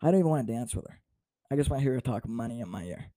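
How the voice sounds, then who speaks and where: Twenty-something comedian guy rambling playfully, warm mellow tone, dry close sound. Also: mid-range voice, expressive, rapid-fire, dry recording. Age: 20s. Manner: playful, self-mocking, swings in volume. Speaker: stand-up comedian. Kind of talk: comedic monologue.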